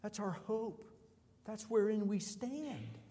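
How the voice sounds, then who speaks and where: A man's voice: high-pitched, animated, takes it slowly, dark tone. A man preaching a sermon as a pastor, emphatic and declamatory, building through rhythmic repetitions. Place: church sanctuary. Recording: long reverb of a large hall.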